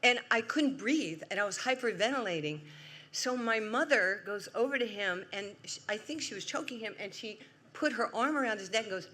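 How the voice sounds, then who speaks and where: A woman in her sixties with a New York accent, giving an award acceptance speech as a lively, humorous storyteller. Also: fairly high pitch, moderate pace, slight background noise. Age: 60s. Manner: lively, humorous storyteller, acts out quoted voices. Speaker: award honoree. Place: large event hall.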